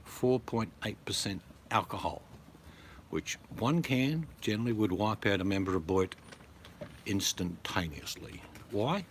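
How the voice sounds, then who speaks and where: Man, Australian accent, middle-aged, low-pitched, blunt, joking, rambling. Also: lively intonation, unhurried, slight background noise. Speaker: vlogger. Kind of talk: casual to-camera chat.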